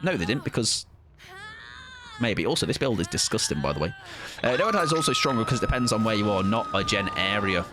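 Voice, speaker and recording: A man's voice: fairly low pitch, animated, brisk, noisy background. A young man casually commenting on his live gameplay, joking, swearing and taunting in mock-villain fashion. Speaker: streamer.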